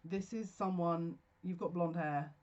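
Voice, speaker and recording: Slow, searching psychic reader. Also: mid-range voice, steady tone, darkish tone, highs cut off. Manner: slow, searching, stop-start channeling talk. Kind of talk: solo general reading to camera.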